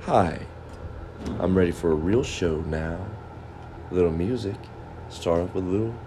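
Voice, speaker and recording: A man's voice: deep voice, moderate pace. A man hosting his own podcast, rambling in a goofy, self-mocking solo monologue over a noisy background. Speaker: podcast host.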